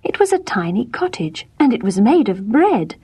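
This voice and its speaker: A woman narrating a storybook in gentle, measured tones. Her voice is husky and breathy, and she speaks softly. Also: a little high, big pitch swings.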